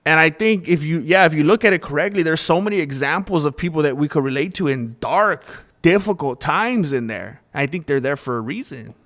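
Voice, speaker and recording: A man's voice: a little high, animated, fairly quick, hardly any pauses, fairly bright tone. Rambling man chatting on a livestream. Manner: rambling, candid, reads chat aloud. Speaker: livestream host. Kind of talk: casual livestream chat.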